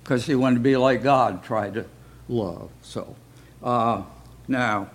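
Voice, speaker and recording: This is informal Bible study talk from a man teaching a relaxed church class. He has a mid-range voice, moves at a slow pace, and keeps things folksy with frequent rhetorical questions.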